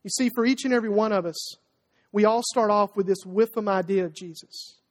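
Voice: mid-range voice, a little fast. Emphatic preacher in a reverberant hall. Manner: emphatic, rhetorical call-and-response questions. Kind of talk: sermon.

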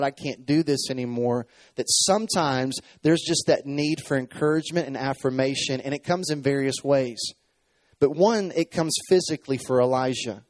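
A man's voice: mid-range voice, a little mellow, no echo. Thirties male preacher, storytelling sermon with acted-out quotes, dry recording. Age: 30s. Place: stage.

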